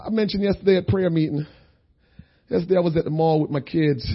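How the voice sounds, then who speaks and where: Husky high-voiced preacher man. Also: quick pace, highs cut off. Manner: storytelling, swings from quiet to shouting. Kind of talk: sermon.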